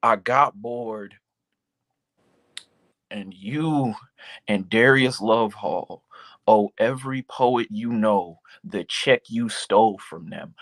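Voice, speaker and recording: A man's voice: on the low side, takes it slowly, long pauses, a bit bright. A young man judging a poetry slam live, giving a candid critique in slangy, joking talk. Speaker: judge.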